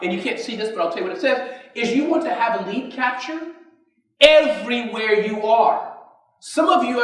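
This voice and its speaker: Energetic man speaking in an echoey hall. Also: high voice. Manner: energetic, keeps quizzing the audience. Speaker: conference speaker. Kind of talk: motivational business talk. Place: conference hall. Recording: echoey hall, distant mic.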